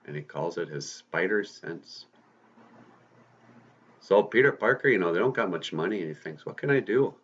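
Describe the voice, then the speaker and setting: Deep-voiced man telling a folksy story. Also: lively intonation, normal speed, long pauses, a bit bright. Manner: folksy, rambling with asides. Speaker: podcast host, storyteller. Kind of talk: casual storytelling to kids. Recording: slightly muffled lo-fi recording.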